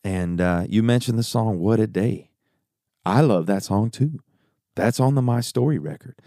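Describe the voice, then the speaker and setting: Upbeat low-voiced male podcast host. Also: moderate pace, mellow, dry recording, studio quality. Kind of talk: casual podcast talk.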